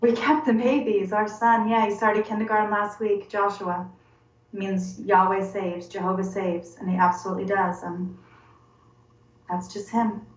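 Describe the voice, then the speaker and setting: A woman in her forties giving a personal testimony in an interview, halting and earnest, often repeating words as she searches for them. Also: mid-range voice, flat delivery. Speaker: interview guest. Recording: roomy, distant and dull-sounding.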